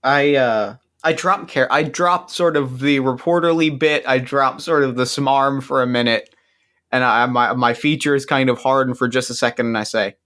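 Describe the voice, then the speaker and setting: A man's voice: medium pitch, normal speed, a bit bright. A man playing a tabletop game, describing his character's actions casually and with hesitations. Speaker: player.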